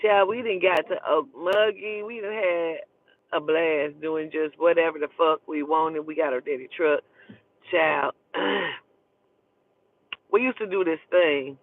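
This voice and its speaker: A man from Oklahoma telling animated, profane stories in a casual way, often calling the listener "child". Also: high voice, no room sound. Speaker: storyteller. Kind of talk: casual storytelling. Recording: dry tinny phone-like sound.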